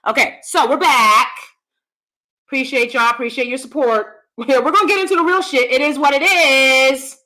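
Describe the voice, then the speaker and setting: Loud animated woman livestreamer. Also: sits high, normal speed. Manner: loud, animated, talks straight to viewers. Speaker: YouTube commentary host. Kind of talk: casual livestream commentary.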